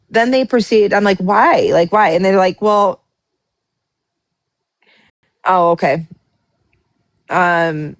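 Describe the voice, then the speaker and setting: A woman's voice: mid-range voice, dry recording. A woman hosting a live stream, telling a story casually, full of fillers, restarts and swearing. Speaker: livestream host. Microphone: phone or webcam on a live stream.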